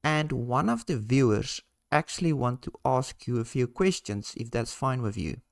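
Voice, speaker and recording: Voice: mid-range voice, normal speed, vocal fry, no echo, studio quality. A channel host relaying viewer questions in casual, hesitant chat. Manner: hesitant, with restarts.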